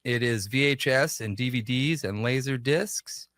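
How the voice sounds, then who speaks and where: Guy on a radio show telling a story, bright voice, does little voices for everyone he quotes, dry close mic. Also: medium pitch, a little slow, dry recording. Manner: animated, acts out quoted dialogue. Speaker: shop owner, guest. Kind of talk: casual storytelling interview.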